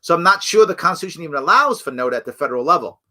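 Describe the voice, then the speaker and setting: Racing through his answers to live chat questions, a man hosts an ask-me-anything stream, speaking casually and animatedly with frequent restarts and self-corrections. When he acts out other people, his pitch jumps way up.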